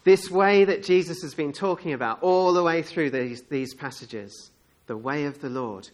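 A man's voice: a little high, moderate pace. A man preaching a sermon in a conversational storytelling manner, acting out the scene as he goes.

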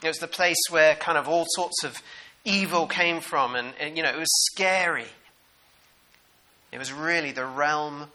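A New man preaching a sermon in an animated, conversational way and putting questions to the congregation. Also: a little high, measured pace, low-quality recording.

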